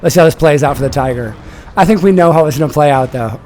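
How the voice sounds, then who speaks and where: Animated young man casting a game. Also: a little high, fast, a little hiss or hum. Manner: animated, swears and laughs. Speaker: shoutcaster and player. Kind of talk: casual game commentary.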